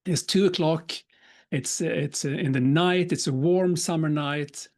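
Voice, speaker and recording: Chatty man telling a story. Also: on the high side. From Sweden. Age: 50s. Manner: chatty and humorous, with restarts and quick asides. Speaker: keynote speaker. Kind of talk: live talk, personal storytelling.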